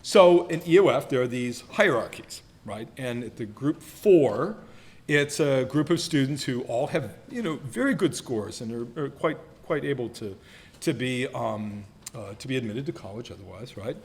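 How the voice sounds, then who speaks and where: A man's voice: medium pitch, animated, normal speed. A man in his sixties giving a self-deprecating roast speech, teasing colleagues with playful mock voices. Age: 60s. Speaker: retiring professor being roasted. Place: banquet hall.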